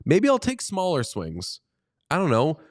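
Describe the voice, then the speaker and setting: A man co-hosting a sports podcast in casual chat, animated and joking, swearing freely. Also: fairly high pitch, unhurried. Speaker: podcast co-host.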